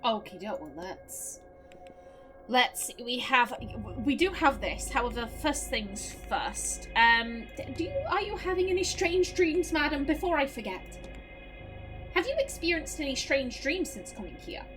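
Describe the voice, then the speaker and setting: A woman's voice: high voice, very animated, unhurried, fairly bright tone, low-quality recording. A woman streamer commenting on a game as she plays, chatty and casually swearing. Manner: chatty, swears, talks to herself. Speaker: let's play streamer. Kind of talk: gaming commentary. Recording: voice over game music.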